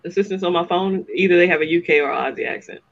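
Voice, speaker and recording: High-voiced man, dull lo-fi audio. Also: fast talker, a bit bright. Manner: short teasing interjections. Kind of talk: casual chat.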